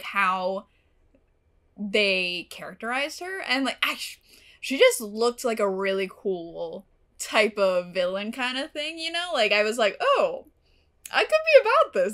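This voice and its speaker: A young woman from the United States in a loose, rambling chat, stringing her thoughts together with constant "like" fillers. Her pitch is middling for a woman, and she laughs and squeals easily as she reacts. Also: sharp tone. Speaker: reaction channel host. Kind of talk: casual reaction commentary.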